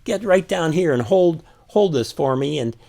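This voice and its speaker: A man voicing a gentle, patient father who encourages his son while fixing a tire, with a few stammers. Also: on the high side, lively intonation, moderate pace, vocal fry, voice pushed up. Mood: encouraging. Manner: warm, encouraging, stammering a little.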